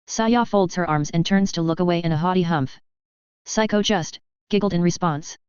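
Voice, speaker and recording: A woman narrating a first-person fan fiction story in a steady, even reading. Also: fairly low pitch, moderate pace, clear, resonant tone, dry recording. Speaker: story reader. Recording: dull lo-fi audio.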